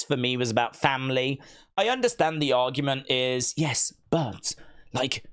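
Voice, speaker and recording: A man's voice: mid-range voice, fairly bright tone. A man hosting a live stream, chatting casually and rambling through fillers and restarts.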